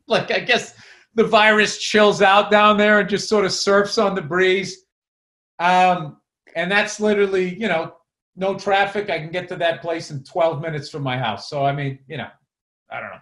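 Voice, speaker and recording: A man's voice: high voice, steady tone, moderate pace, bright, forceful tone. A man co-hosting a podcast, ranting in profane, casual chat. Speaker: podcast co-host. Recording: roomy echo.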